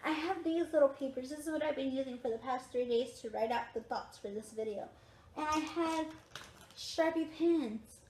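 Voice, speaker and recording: A young woman with a high voice chats to her camera from her recliner late at night, sounding tired. She repeats her points with emphasis, and the room around her rings with echo. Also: normal speed, a little mellow, a little hiss or hum. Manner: chatty, repetitive, emphatic. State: tired, yawning. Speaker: vlogger. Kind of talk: casual chat to camera. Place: at home on a recliner.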